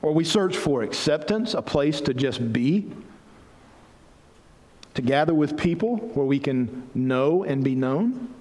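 A man's voice: on the high side, animated, slow, a little mellow. A man preaching a sermon as pastor, earnest and building to emphatic passages. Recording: reverberant hall.

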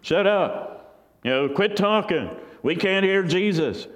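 A man preaching a sermon, acting out an irritated person in a crowd telling someone to be quiet. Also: on the high side, big pitch swings, moderate pace, pitched above the performer's own voice. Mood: scolding. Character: scolding man shushing from a crowd. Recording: long hall reverb.

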